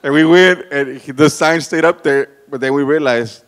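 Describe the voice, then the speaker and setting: A man's voice: fairly high pitch, normal speed, fairly bright tone. Profane, rambling male storyteller. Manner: rambling, repeats words, laughs at own story. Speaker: guest speaker at a real estate event. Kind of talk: profane storytelling to a live audience.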